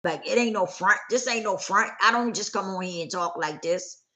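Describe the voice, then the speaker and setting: A woman's voice: mid-range voice, moderate pace, bright, forceful tone. A woman hosting a live talk, giving an earnest motivational talk to her audience. She repeats her points for emphasis and keeps checking in with her listeners. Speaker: livestream host.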